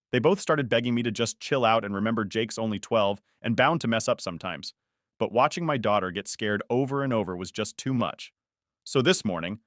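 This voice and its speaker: A man narrating first-person stories in an even, unhurried storytelling read. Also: on the low side, dry recording, studio quality. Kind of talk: scripted narration.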